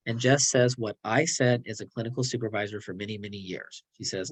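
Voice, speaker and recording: A man's voice: fairly low pitch, slightly rough, poor audio. A man presenting a clinical training online, sarcastic and acting out short dialogues between colleagues. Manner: sarcastic, role-playing colleagues in quick dialogue.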